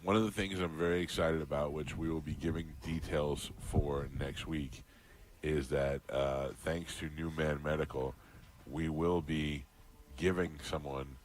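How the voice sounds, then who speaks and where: A man hosting a radio show, telling loud joking stories in casual banter with his co-hosts. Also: rumbling low, steady tone, unhurried.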